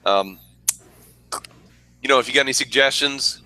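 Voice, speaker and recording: A man's voice: mid-range voice, moderate pace, bright, forceful tone. A man co-hosting a movie review, talking in a blunt, casual way and swearing freely. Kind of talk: casual chat.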